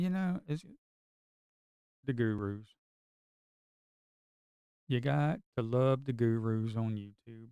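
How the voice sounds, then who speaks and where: A middle-aged man talks through his trading session in a relaxed, rambling way. His voice is smooth and resonant, and he often repeats phrases or drops sarcastic remarks. The sound is dry and close, with no room echo. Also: medium pitch, measured pace, pauses often. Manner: chatty, repeats himself, sarcastic asides. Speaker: day trader streaming live. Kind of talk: casual live-stream trading commentary.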